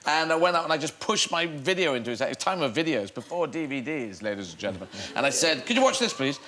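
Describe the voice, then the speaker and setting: A man's voice: on the high side, expressive, quick pace, bright, forceful tone. Playful man telling rambling stories. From England. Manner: rambling, playful, laughing storyteller. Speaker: comedian guest. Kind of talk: chat-show interview.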